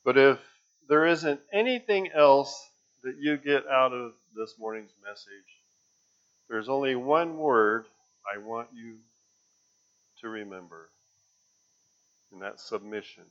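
A man preacher giving a sermon and praying, earnest and halting with fillers, on a dull lo-fi recording. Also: medium pitch, animated.

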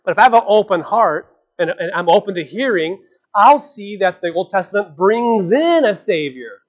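Guy with a high-ish voice preaching, earnest and chatty, asks lots of questions, dull lo-fi sound. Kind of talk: sermon.

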